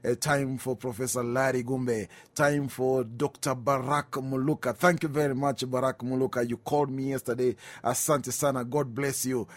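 A Kenyan man hosts a music request show on the radio. He chats in a loose, easygoing way, drops in Swahili phrases and reads out listeners' names and requests. His voice sits at an ordinary middle pitch. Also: steady tone, moderate pace, few pauses.

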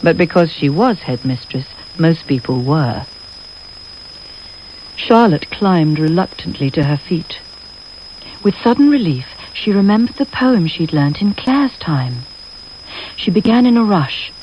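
A woman narrating a storybook in a measured, expressive way. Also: fairly low pitch, dull audio, a little hiss or hum. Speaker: audiobook narrator.

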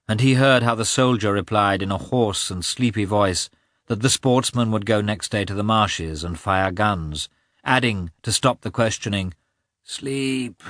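A man narrating a novel in a measured, expressive reading, recorded close to the mic. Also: fairly low pitch, no echo. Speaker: audiobook narrator. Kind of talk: scripted narration.

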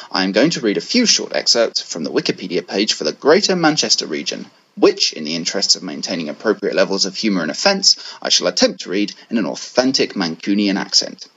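A man's voice: on the low side, big pitch swings, a little fast, few pauses, bright, forceful tone, lo-fi sound. A man with a Southern English accent, a podcast co-host in a pre-recorded message, speaking with dry, mock-formal humour. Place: room in a bed and breakfast.

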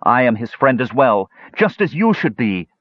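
A man voicing an earnest young woman in an audiobook, pleading in a raised pitch. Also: sing-song, moderate pace, dry recording, lo-fi sound. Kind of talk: audiobook character voice.

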